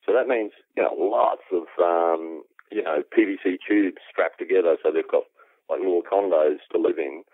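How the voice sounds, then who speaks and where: Deep-voiced Australian man on a phone line. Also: moderate pace, dry recording. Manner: relaxed, explains at length with many ums. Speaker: aquaponics specialist guest. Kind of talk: explanatory interview answers. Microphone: phone call. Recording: tinny phone line, dry.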